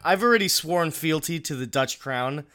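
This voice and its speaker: A man's voice: fairly high pitch, expressive, normal speed, over music. A man hosting a casual chat, joking and rambling with frequent restarts.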